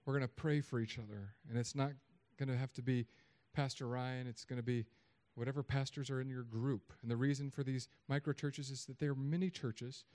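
Male preacher, mid-range voice, sermon delivery that is animated and casual, with loud emphatic peaks and dry quiet asides. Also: medium pitch, fairly quick, hardly any pauses. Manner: conversational and joking.

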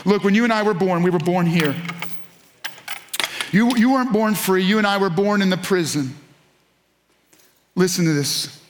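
A man's voice: high voice, moderate pace, long pauses. A male pastor giving a sermon in a conversational, storytelling way.

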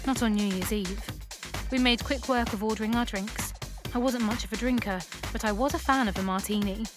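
A woman narrating a first-person erotic story in a calm, steady reading voice. Music runs clearly in the background throughout. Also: mid-range voice.

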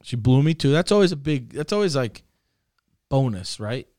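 A man's voice: medium pitch, sing-song, normal speed, a little mellow, dry recording, clean studio sound. A man on a podcast telling a long crude story, rambling and profane. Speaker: podcast co-host.

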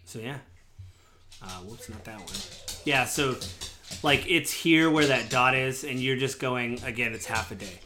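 A man's voice: mid-range voice, measured pace. A man narrating as game master of a tabletop game, loose and rambling with lots of fillers.

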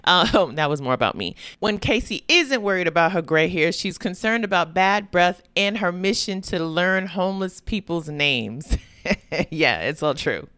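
A woman's voice: fairly low pitch, expressive, moderate pace, a bit bright, smooth, no echo, clean studio sound. A woman in her thirties hosting a casual podcast from a home kitchen, joking and upbeat. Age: 30s. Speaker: podcast host and comedian.

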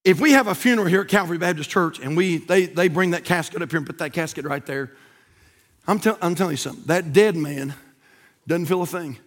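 Fervent high-voiced pastor. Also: male voice, fairly quick, long reverb tail. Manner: fervent preaching that swings from hushed to shouted. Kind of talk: sermon. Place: church sanctuary.

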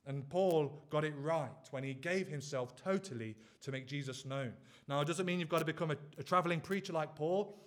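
Earnest preacher man pressing questions. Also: a little high. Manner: earnest, driving rhetorical questions. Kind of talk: sermon.

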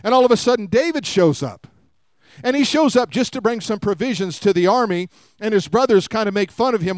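High-voiced preacher, smooth and dry. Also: male voice, expressive, brisk, no room sound. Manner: storytelling, acts out quotes, asks congregation to respond. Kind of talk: sermon.

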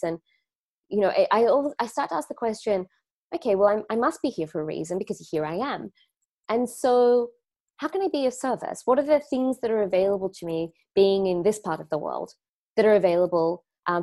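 A woman's voice: mid-range voice, darkish tone. A woman with an Australian accent giving a live online talk to students, speaking reflectively and conversationally, with frequent fillers and restarts. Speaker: wellness teacher.

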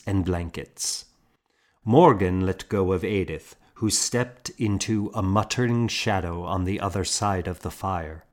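Man, narrator, measured storytelling, slow, lowish pitch. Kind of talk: scripted narration.

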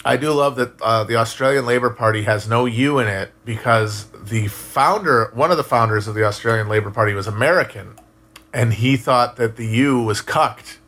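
A man casually talking on a live stream and answering chat, musing out loud, swearing now and then, with frequent restarts. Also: mid-range voice, moderate pace. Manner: rambling, musing, profane, many restarts.

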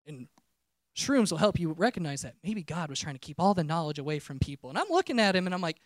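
Male preacher sharing a testimony, animated and chatty, dry close sound. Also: a little high, quick pace, no echo. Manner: conversational storytelling, self-interrupting. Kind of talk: personal testimony sermon.

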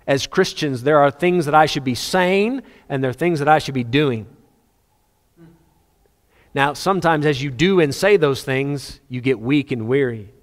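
A male preacher delivers a sermon with a fairly high voice, surging into loud, urgent appeals and then sinking into near-whispered stretches. His words ring out with a long reverb, as in a large church hall. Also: unhurried. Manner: impassioned, swinging between loud high-pitched appeals and hushed low passages.

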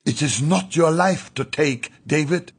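A man voicing a devout young woman training as a nurse, who speaks in an insistent, pleading, slow and deliberate manner. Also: on the high side, breathy edge. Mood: stern. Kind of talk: audiobook character voice.

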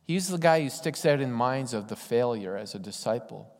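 A man's voice: mid-range voice, animated, normal speed. A man preaching a sermon in a conversational, folksy storytelling way. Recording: long hall reverb.

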